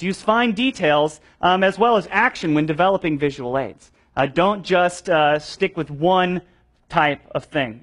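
Animated young man teaching a class. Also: fairly high pitch. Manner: animated, conversational, many fillers and restarts; acts out voices of students for effect. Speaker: children's ministry trainer. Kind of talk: teaching a training session.

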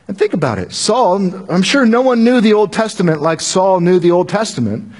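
A fairly high-voiced male preacher talks through a sermon in a husky, slightly breathy voice. He speaks in a casual, joking way and often restarts his sentences as he explains. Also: expressive, moderate pace, a little mellow. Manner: conversational and joking, with frequent restarts. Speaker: pastor.

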